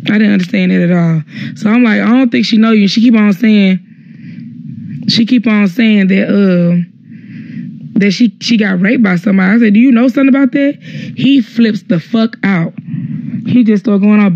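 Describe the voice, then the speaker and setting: A man's voice: high voice, fairly quick, darkish tone, no room sound, lo-fi sound. A young man casually retelling a personal story on a live stream. He rambles, swears a lot, and acts out the back-and-forth of what people said. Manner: rambling, heavy swearing, acts out quoted exchanges.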